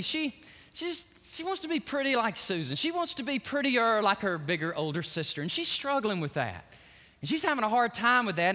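High bright guy preaching, super animated, lots of hall echo. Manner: animated, emphatic, repeats words. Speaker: pastor. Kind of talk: sermon. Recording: long hall reverb.

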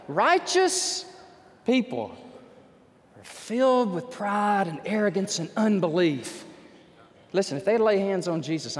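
A man, a pastor preaching a folksy sermon, telling stories with lively shouted emphasis. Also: a little high. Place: church sanctuary. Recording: long hall reverb.

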